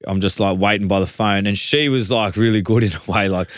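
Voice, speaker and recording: A man's voice: fairly low pitch, a little fast, dry recording, clean studio sound. A man with an Australian accent telling a long story in casual chat, full of fillers and restarts. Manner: rambling storytelling with many fillers. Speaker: podcast guest, footballer.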